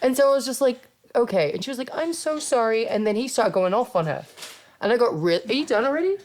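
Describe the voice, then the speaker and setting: A woman in her thirties hosting a podcast, telling wild stories in casual, profane chat and acting out shouted quotes. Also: fairly high pitch, expressive, fast. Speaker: podcast host.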